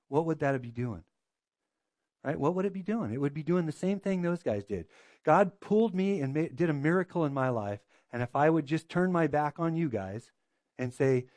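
A man's voice: fairly high pitch, lively intonation, moderate pace, a little mellow, no room sound. Earnest preaching man, dry sound. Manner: earnest, preaching with rhetorical questions. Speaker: pastor. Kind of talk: sermon.

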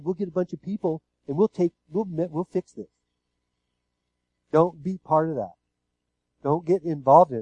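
A man preaching in a conversational way, tossing rhetorical questions to the room. His voice sits a little high for a man. The sound is close and dry, with almost no room in it. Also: a little mellow, no room sound, lo-fi sound. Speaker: pastor. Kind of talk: sermon.

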